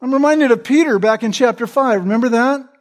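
High-voiced man preaching verse by verse. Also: fairly quick. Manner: explanatory, frequent "right?" checks and small restarts. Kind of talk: expository sermon.

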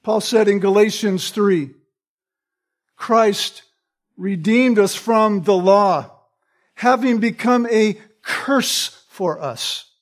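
A man's voice: high-pitched, takes it slowly. A man preaching a sermon. He quotes scripture by chapter and verse and stresses key phrases by repeating them.

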